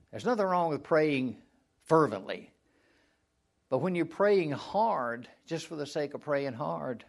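This preacher, a man, delivers his sermon conversationally, posing questions to his listeners and then answering them himself. Every so often he acts out a mock prayer in a high, strained voice.

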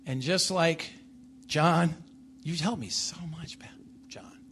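A man preaching with a bright, fairly high voice. He speaks slowly, swings between loud declarations and low, intense passages, and keeps putting questions to his listeners. Faint noise sits behind him. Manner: emphatic, rises and falls in pitch and loudness, asks the congregation questions. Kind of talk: sermon.

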